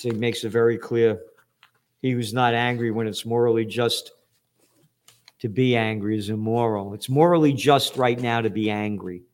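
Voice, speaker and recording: A man hosting a show, ranting with angry, profane commentary and shouting outbursts. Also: lowish voice. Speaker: show host.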